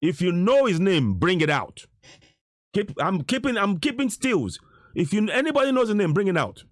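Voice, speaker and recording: A man's voice: sits high, very animated, moderate pace, dry recording, studio quality. A middle-aged man giving indignant commentary over video footage, insisting and repeating himself. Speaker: activist commentator.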